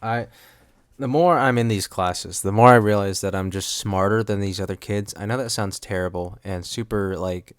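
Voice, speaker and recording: A man's voice: lowish voice, normal speed, clean tone, dry recording. Rambling sarcastic young man, dry close mic. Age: young adult. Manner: rambling, sarcastic, self-interrupting. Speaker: podcast host. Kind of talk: solo podcast monologue. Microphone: studio mic with windscreen.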